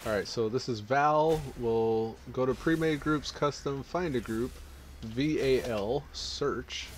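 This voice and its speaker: A man narrates his online game session in an easy, chatty way, thinking aloud as he plays. His voice sits at an ordinary middle pitch. A faint hiss of noise runs under the recording. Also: slow. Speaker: gaming streamer. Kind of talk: casual gameplay commentary.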